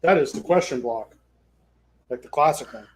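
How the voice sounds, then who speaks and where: A man chatting as a guest, at an ordinary mid pitch, talking with eager enthusiasm and rambling through fillers and restarts. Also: moderate pace, crowd noise. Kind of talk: casual chat.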